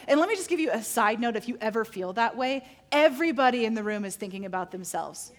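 A middle-aged woman pastor preaches with a slightly higher voice. She tells stories about her own life candidly and pokes fun at herself with playful asides. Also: fast, hardly any pauses. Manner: candid, self-deprecating storytelling with playful asides. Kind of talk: sermon.

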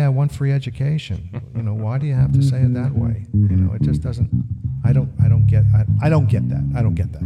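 A man argues his views in a casual chat, hammering points home with repeated phrases. His pitch sits in the middle range. Loud guitar music plays behind him. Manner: emphatic, repeats himself while pressing a point.

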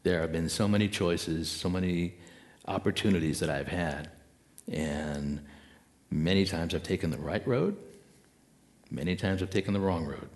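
A man with a very low voice speaks to a gathered audience about spirit and intuition. He talks slowly and reflectively, leaning on pauses and now and then acting out an inner voice.

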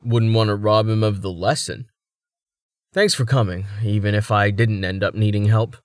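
A man's voice: on the low side, fairly even intonation, normal speed, no echo, studio quality, close to an everyday voice. A man voicing an easygoing young male adventurer with a wry, dryly humorous way of talking.

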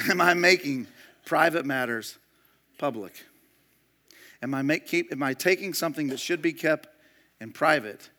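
A man preaching a sermon as pastor, emphatic and moving between loud declarations and hushed storytelling. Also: fairly high pitch, measured pace, long pauses.

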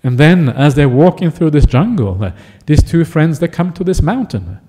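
A man's voice: on the high side, expressive, normal speed, dark tone, slightly rough. A man, a Buddhist monk, giving a chatty dharma talk and often checking in with listeners. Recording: echoey hall.

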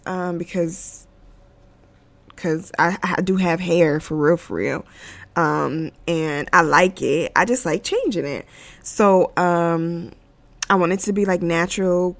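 A tearful woman chats on her own in a slow, unhurried way, with a gravelly edge on her voice. She laughs between words and fills her pauses with ums. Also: fairly low pitch, fairly bright tone, dry recording. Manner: emotional, laughing between words, many fillers. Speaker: podcast host. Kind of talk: casual solo chat.

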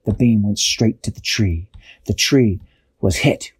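Husky-voiced man telling a bedtime story. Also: on the low side, unhurried, no echo. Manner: animated, acts out characters with occasional restarts.

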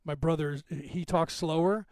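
Fast-talking man with a higher voice. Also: steady tone, a little mellow, no echo. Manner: rapid, talkative, digressive. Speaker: podcast host. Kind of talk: rambling spoken monologue.

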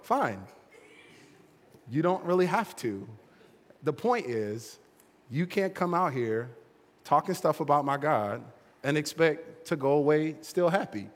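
A man voicing a calm, confident young shepherd who answers a bully quietly and firmly. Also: high voice, measured pace, big-room sound. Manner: quiet, firm and steady.

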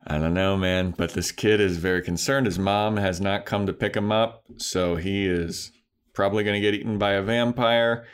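A man's voice: on the low side, steady tone, normal speed, clear, resonant tone. A man co-hosting a podcast, chatting casually about a TV episode, laughing often and acting out characters in silly voices. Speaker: podcast co-host. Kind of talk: casual chat recapping a TV episode.

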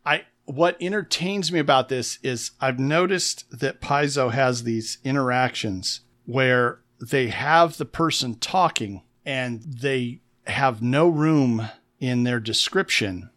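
A man's voice: mid-range voice, measured pace, fairly bright tone. A man co-hosting a podcast, casually recapping a tabletop game episode with enthusiasm and making little mouth sound effects as he tells it. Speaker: podcast co-host. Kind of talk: casual chat recapping an actual-play game.

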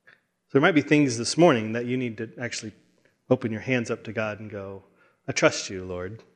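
A man delivers a sermon in an earnest, heartfelt way. He often trips over his own words and repeats them as he pushes forward, speaking at an average pitch for a man. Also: fairly quick. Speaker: pastor.

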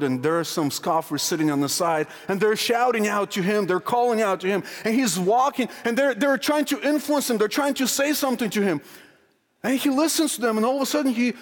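A male preacher with a high voice delivers an earnest, emphatic sermon. He asks his listeners pointed rhetorical questions and slows down, dropping low, whenever he quotes scripture. His voice rings with a long hall reverb. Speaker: pastor.

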